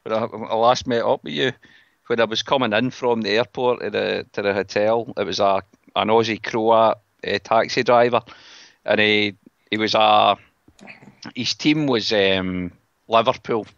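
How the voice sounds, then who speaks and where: A man's voice: lowish voice, fairly even intonation, moderate pace, gravelly, a bit bright, no room sound. A middle-aged Scottish man hosting a casual podcast chat, talking bluntly and with scorn. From Scotland. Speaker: podcast host. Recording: dull lo-fi dry sound.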